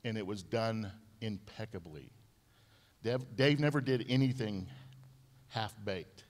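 Man, lowish voice, eulogy, storytelling, repeats himself, long church reverb. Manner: storytelling, repeats phrases, halting restarts. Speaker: eulogy speaker. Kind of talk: memorial eulogy. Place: church at a memorial service.

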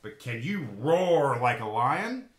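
Man voicing snooty storybook animals, bored and dismissive, bright voice, echoey room. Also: medium pitch, sing-song, takes it slowly. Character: haughty male club-gatekeeper animals.

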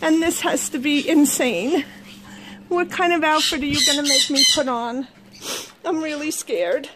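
A woman's voice: high voice, normal speed. A woman opening a gift box on her vlog, gushing and breaking into laughing fits. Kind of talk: casual unboxing vlog. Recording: noisy home recording.

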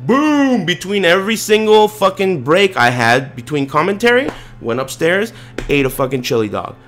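A man streaming, telling a casual, profane, rambling story with animated delivery. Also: on the high side, normal speed.

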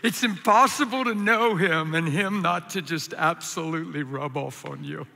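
A man preaching a sermon with passion, swinging from quiet, confiding lines to loud, urgent ones. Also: on the high side, normal speed, vocal fry, a little hiss or hum. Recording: hall reverb.

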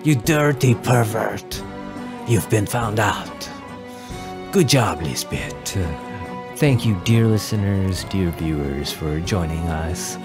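Brief: tired host, slow and unhurried, emotional thanks read from a screen. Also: male voice, low voice, music in the background.

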